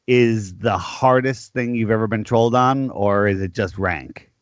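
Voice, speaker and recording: A man calling into a casual podcast as a guest, speaking in a measured way with frequent filler pauses. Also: fairly low pitch, no echo, dull audio. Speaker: guest caller. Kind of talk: casual call-in chat.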